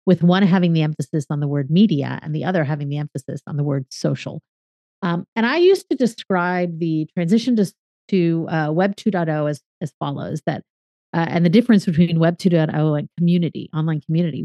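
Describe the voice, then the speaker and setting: Measured, reflective woman guest in her fifties. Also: lowish voice, no echo, dull audio. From California. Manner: reflective, with fillers and a measured, explanatory pace. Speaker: podcaster and strategic consultant, guest. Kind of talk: conversational interview answers.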